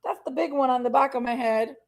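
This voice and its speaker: A woman chats live with her viewers, greeting each one by name. Her voice sits high and has a gravelly fry. She talks openly and with feeling about her own struggles. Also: fast. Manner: chatty, greets viewers by name, says honey and y'all; emotional, open about personal struggles. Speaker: livestream host. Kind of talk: casual chat with live viewers.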